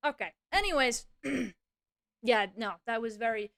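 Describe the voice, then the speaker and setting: A woman's voice: a little high, lively intonation, normal speed, gravelly, fairly bright tone. A young woman streamer chatting casually, rambling through a story and swearing freely. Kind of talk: casual livestream chat.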